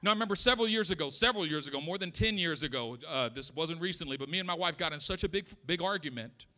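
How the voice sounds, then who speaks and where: A man's voice: a little high, animated, fast talker, sharp tone. A middle-aged man from Oakland, California, preaching a sermon with a repetitive, impassioned cadence and personal stories. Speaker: pastor.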